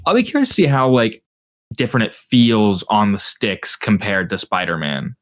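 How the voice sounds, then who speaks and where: A man's voice: lowish voice, big pitch swings, normal speed, a bit bright. A man co-hosting a casual chat, laid-back and loose, using "like" a lot. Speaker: co-host.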